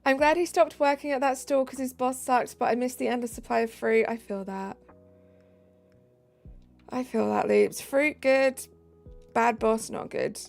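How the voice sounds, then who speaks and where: A tired British woman chatting casually on a live stream, giggly, reading chat aloud and dropping into soft asides. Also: high voice, fairly even intonation, moderate pace, creaky, soft background music.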